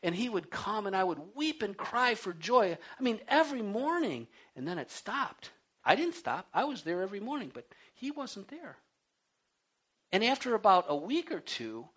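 A man preaching a sermon, telling stories from his own life with animated delivery and then reading scripture aloud and explaining it. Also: high-pitched, normal speed, slightly rough. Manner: animated storytelling, acting out his own pleas and rising to loud cries. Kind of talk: sermon with personal testimony.

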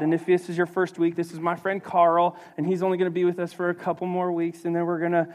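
Man, pastor, sermon, fairly high voice, chatty with lots of ums and restarts. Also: completely flat delivery, fast, hardly any pauses, darkish tone. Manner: conversational, many filler words and restarts.

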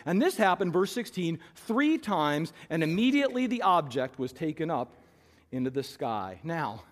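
A high-pitched man delivers a sermon, pressing his listeners with emphatic rhetorical questions. His voice rings out with a long reverb tail, as if he is in a large sanctuary. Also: expressive, normal speed. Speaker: preacher.

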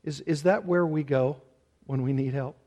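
A man's voice: fairly high pitch, moderate pace, warm tone. A man preaching an earnest expository sermon, repeating key phrases for emphasis. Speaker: pastor.

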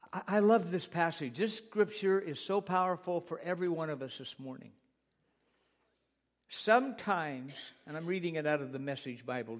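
A man preaching a sermon in church, repeating phrases for emphasis and calling on the congregation to answer him. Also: a little high. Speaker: pastor.

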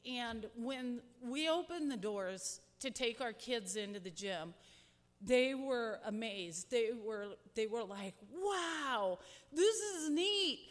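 Woman volunteer at the pulpit, slightly high voice, long hall echo, heartfelt and halting. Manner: heartfelt, rambling, many fillers. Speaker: church ministry volunteer. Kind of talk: speaking to a church congregation. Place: large church hall. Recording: long hall reverb, from a distance.

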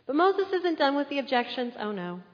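A woman's voice: high-pitched, brisk. Lady pastor preaching, acts out the quotes, sound kinda muffled and echoey. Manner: animated storytelling with acted-out quotes. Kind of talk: sermon.

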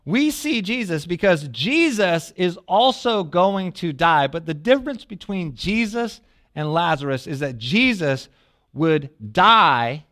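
A man preaching a sermon as a pastor, telling a story with lively asides and questions to the listeners, dropping to a hush when quoting prayers. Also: sits high, a little slow. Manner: animated storytelling, asks the congregation questions.

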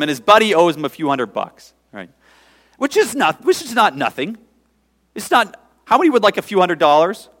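Pastor guy preaching, lively up-and-down voice, chatty asides, big echoey hall. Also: high-pitched. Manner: animated storytelling, conversational asides. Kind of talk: sermon. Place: church hall.

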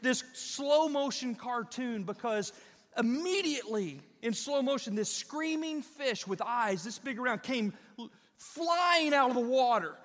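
A man from Southern Illinois, a pastor telling a folksy, animated story in a sermon. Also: extremely high pitch, unhurried. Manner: folksy, animated, addresses the audience directly. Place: church sanctuary. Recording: reverberant church hall.

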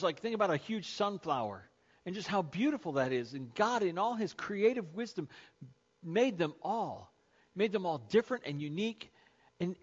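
A man's voice: sits high, dull audio. A man preaching a sermon as pastor to his congregation, conversational and joking with them. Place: church sanctuary.

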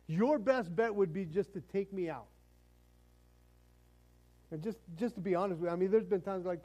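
A man's voice: sits high, moderate pace, long pauses, warm tone, poor audio. A man preaching a sermon in a conversational way, often stumbling and restarting his words. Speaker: pastor.

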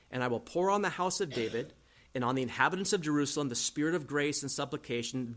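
A man preaching an expository sermon. He reads scripture aloud slowly and swings between loud emphasis and soft asides. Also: on the high side. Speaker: pastor.

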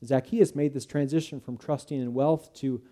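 A man's voice: medium pitch, fairly even intonation, normal speed, mellow. A male pastor preaching a sermon, in an earnest, emphatic manner.

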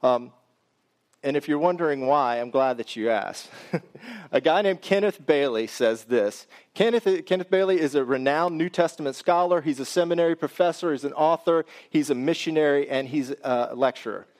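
A man's voice: fairly high pitch, normal speed, darkish tone. A man preaching a sermon, reading scripture and then explaining it in a conversational way that speaks directly to the congregation.

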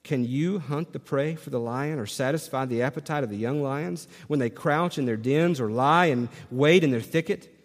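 A man preaching a sermon and reading scripture aloud, animated and questioning his listeners. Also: mid-range voice, normal speed, few pauses, in a large hall. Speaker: pastor.

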